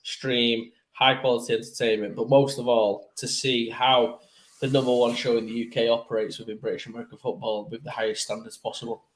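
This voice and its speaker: A man's voice: medium pitch, level tone, fairly quick, poor audio. A man hosting a casual podcast, joking around, laughing often and swearing freely. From Manchester. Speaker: podcast host. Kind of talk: casual banter.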